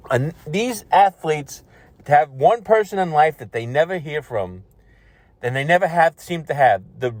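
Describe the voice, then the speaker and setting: A man's voice: fairly high pitch, darkish tone, no room sound. Blunt, sarcastic male commentary host. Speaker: show host. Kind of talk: opinion commentary.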